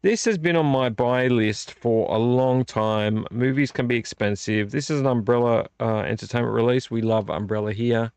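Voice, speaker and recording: Tired vlog host, gravelly, dry close sound, rambling chat. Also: male voice, medium pitch, normal speed, hardly any pauses, no room sound. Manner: relaxed, rambling, complains about covers. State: tired and yawning. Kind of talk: casual late-night chat. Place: home room.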